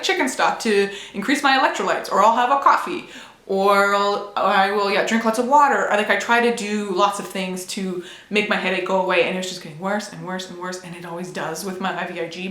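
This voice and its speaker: A woman's voice: medium pitch, a bit bright. A young woman vlogging casually to camera at home, candid and chatty, with playful sound effects. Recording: echoey room.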